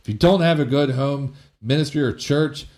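A man's voice: on the high side, normal speed. A man pastor giving an informal sermon, talking in a conversational way with fillers like "like" and "man", and acting out short quotes. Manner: conversational, animated preaching with many fillers and acted-out quotes.

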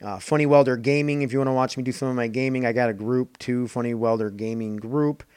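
A man's voice: mid-range voice, fairly even intonation, fast, darkish tone, clear, resonant tone, no echo, clean studio sound. A man hosting his own podcast, rambling in an offhand, casual way and swearing freely. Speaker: podcast host. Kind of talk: casual solo podcast chat.

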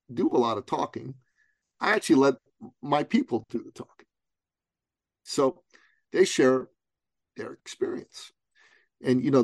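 Animated middle-aged man telling a story. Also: no room sound. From Iran. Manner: animated storyteller, acting out quotes with big pitch jumps. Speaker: business coach and author. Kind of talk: storytelling in an interview.

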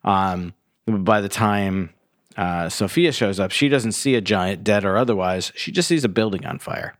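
A man co-hosts a movie review podcast in relaxed, easygoing chat. His voice sits a bit low. The recording is dry and close, with no room echo. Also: moderate pace. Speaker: podcast co-host.

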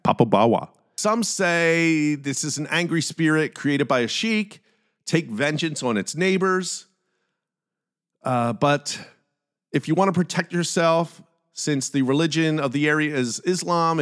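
A man with a Philadelphia accent hosting a casual solo podcast, chatty and jokey with self-deprecating asides. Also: mid-range voice. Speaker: podcast host.

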